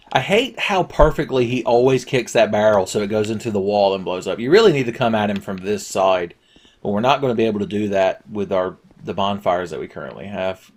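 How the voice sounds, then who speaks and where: A man giving casual, crude, joking commentary over a video game and yelling at it at times. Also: lowish voice, a little hiss or hum. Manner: crude, jokey, yells at the game. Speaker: Let's Play commentator.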